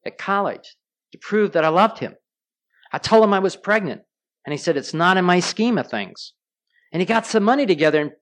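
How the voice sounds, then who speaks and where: A man preaching a sermon, telling stories and putting questions to his listeners. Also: sits high. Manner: storytelling preacher, asks the congregation questions. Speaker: pastor.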